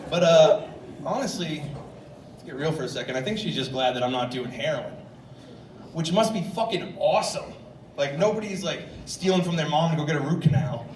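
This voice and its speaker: A man performing a stand-up comedy set, telling rambling stories in a deadpan way with sudden loud outbursts. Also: on the high side, a little fast, recorded from a distance. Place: comedy club stage. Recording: echoey club from afar, loud crowd laughter and noise.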